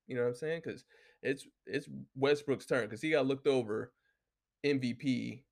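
A man's voice: medium pitch, normal speed, creaky. A man hosting a solo talk show, ranting casually and heatedly with constant swearing and lots of filler words. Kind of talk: casual profane rant.

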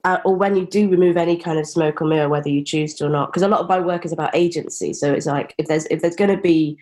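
A woman's voice: sits low, fast, darkish tone. A woman, a performer, chatting casually and rambling, swearing freely as she talks about stage mishaps. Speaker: performer guest. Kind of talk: casual panel chat.

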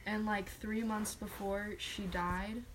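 A woman's voice: mid-range voice, little pitch movement, slow pace, slight background noise. A young woman co-hosting a casual podcast chat, talking loosely with lots of fillers and restarts. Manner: chatty, many fillers and restarts. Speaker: podcast co-host.

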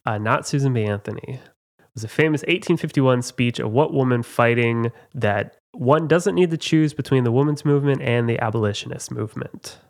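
Medium in pitch and fairly quick, a man hosts a laid-back trivia quiz, reading questions aloud, joking at his own expense and using many fillers.

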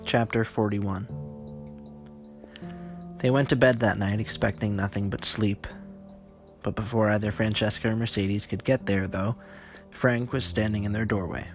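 A man's voice: on the low side, fairly even intonation, moderate pace, long pauses, faint music behind. A man narrating a horror story in a weary, profane first-person voice.

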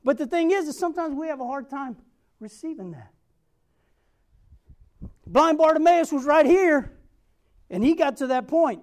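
Brief: male preacher, high voice, sermon that tells a story and presses a repeated question. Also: expressive, moderate pace, pauses often, a little mellow. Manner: repeats a rhetorical refrain and calls for amens; tells a Bible story with acted-out quotes.

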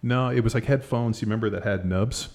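A middle-aged man hosts a podcast with a mid-range, slightly mellow voice that moves a little fast. His casual chat rambles, packed with fillers like "like" and "you know," and he laughs easily.

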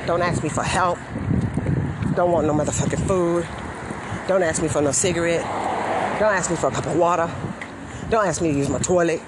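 A woman's voice: fairly low pitch, fairly quick, long pauses, heavy background noise. A woman in her forties ranting furiously and bitterly, full of profanity. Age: 40s. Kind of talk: angry rant vlog.

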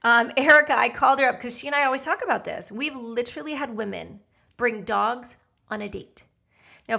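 A woman's voice: on the high side, gravelly, sharp tone. A middle-aged woman, a matchmaker hosting a podcast, giving blunt, feisty dating advice in a chatty monologue.

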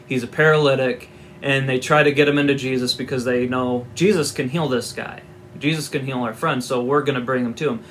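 A man's voice: mid-range voice, steady tone, a little fast, a bit bright, a little hiss or hum. Man giving a casual Bible teaching. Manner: conversational and wry, with asides and hesitations. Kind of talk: informal Bible teaching, reading scripture aloud.

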